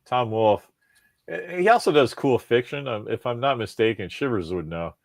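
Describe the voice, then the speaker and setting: A man hosting a podcast, talking in a rambling, profane, animated way with lots of restarts. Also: medium pitch, normal speed, vocal fry, no room sound. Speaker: podcast host. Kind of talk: casual chat.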